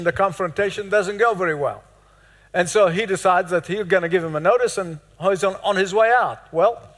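A man's voice: high voice, fairly bright tone. An older man preaching a sermon, telling a parable in a storytelling way, chuckling now and then and acting out the characters' lines. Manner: storytelling sermon with laughs and acted-out quotes. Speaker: pastor. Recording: long hall reverb.

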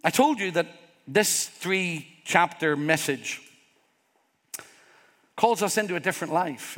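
This Northern Irish pastor's sermon moves at a measured pace with frequent pauses, his voice on the high side and a bit bright. He builds repeated phrases in an earnest, emphatic way for the congregation gathered in a church hall. Long reverb from the hall fills the recording.

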